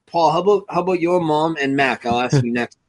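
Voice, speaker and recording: A man's voice: on the high side, a little fast, no room sound, rough recording. A man hosting a casual podcast chat, asking his guests meandering questions full of fillers. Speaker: podcast host.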